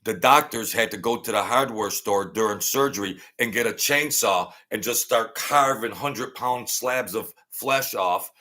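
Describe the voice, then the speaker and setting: In a lowish voice at a measured pace with few pauses, a middle-aged livestream host reads and reacts to chat. He's blunt and mocking, repeats himself, and rants loudly before breaking into laughter.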